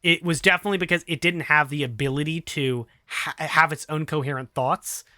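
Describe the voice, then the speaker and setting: A man with a bright, somewhat high voice runs a tabletop game and explains the rules quickly, laughing often. He sounds close and dry on the mic. There is no room echo. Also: fairly even intonation. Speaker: game master.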